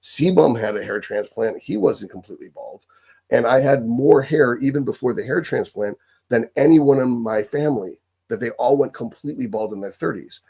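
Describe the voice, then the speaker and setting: A man's voice: medium pitch, expressive, moderate pace, vocal fry, mellow, slightly rough. A man hosting a live question-and-answer session, ranting bluntly with lots of profanity and hammering his points with repetition. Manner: repeats phrases for emphasis. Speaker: host answering viewer questions. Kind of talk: live Q&A monologue.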